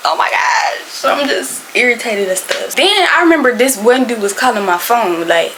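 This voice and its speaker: Woman, young adult, storytime vlog, casual slang, animated, loud quotes, fairly high voice. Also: moderate pace, background noise. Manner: informal slangy speech. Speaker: storytime vlogger.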